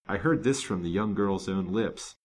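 A man's voice: low voice, normal speed, a little hiss or hum, lightly acted. A man reading the lines of a frail, grateful young woman in a storybook, in an earnest, emotional tone.

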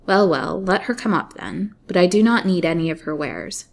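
Woman doing a haughty sharp widow. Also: on the low side, big pitch swings, normal speed, creaky, exaggerated voice. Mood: imperious. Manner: sharp, imperious.

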